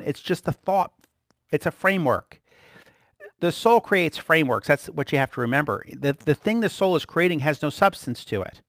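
A man teaching a Christian lesson in a conversational, lively way, chuckling often. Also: medium pitch, dry recording, clean studio sound. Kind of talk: informal spoken teaching.

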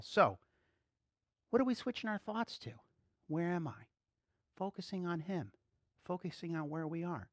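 A preacher whose pitch swings widely from phrase to phrase, talking to the congregation in a loose, chatty way. The recording sounds close and dry, with no room around the voice. Quoted lines and bird calls get acted out along the way. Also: no echo. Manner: animated, acts out little voices and quotes; chuckles often, informal. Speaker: pastor. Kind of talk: conversational sermon.

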